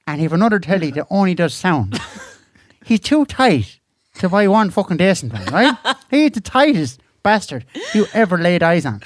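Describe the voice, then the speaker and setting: Comic character, played by a man: profane Irish countryman spinning yarns, animated pitch. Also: normal speed, no room sound, clean studio sound. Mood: chatty. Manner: rambling, profane, laughs at his own jokes. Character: crude rambling rural Irish man gossiping news. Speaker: comic news presenter. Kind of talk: comedy monologue.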